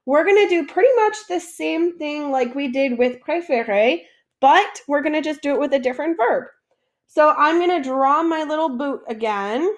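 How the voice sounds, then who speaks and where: A woman's voice: high voice, lively intonation, normal speed. A woman teaching a French lesson, patiently asking questions and then answering them herself. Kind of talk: classroom lesson explanation.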